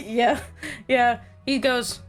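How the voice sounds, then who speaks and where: A woman's voice: on the high side, fairly even intonation, extremely slow, soft background music. A woman running a tabletop game, narrating casually with lots of "like" and "uh". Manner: casual, many fillers like "like" and "uh". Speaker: game master.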